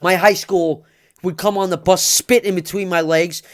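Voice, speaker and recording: A man, telling stories as an interview guest in a loud, blunt, profane rant. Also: sits high, steady tone, normal speed. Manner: loud, blunt, swearing constantly. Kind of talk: profane ranting storytelling.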